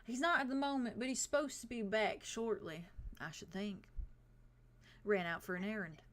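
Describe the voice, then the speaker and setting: A woman's voice: medium pitch, normal speed, fairly bright tone, lightly acted. A woman voicing a friendly male android hospital caretaker with a put-on Southern accent, polite and hospitable in a tabletop game.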